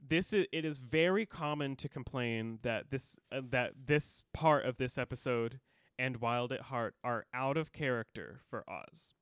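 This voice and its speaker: A man's voice: mid-range voice, measured pace, fairly bright tone, clean tone, dry recording, clean studio sound. A man co-hosting a podcast, chatting casually and animatedly as he recaps a TV episode, laughing often and quoting the characters. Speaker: podcast co-host.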